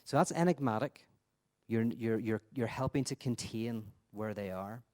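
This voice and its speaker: A man's voice: lowish voice, darkish tone. A man giving a conference talk who tells parables and often repeats words while he thinks. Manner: halting, repeats words, reflective. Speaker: conference speaker.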